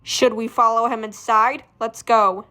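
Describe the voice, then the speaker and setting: Woman reader with a bright, high voice; unhurried graphic novel read-aloud with character voices. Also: fairly even intonation. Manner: shouts sound effects and alarmed lines. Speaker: fan reader.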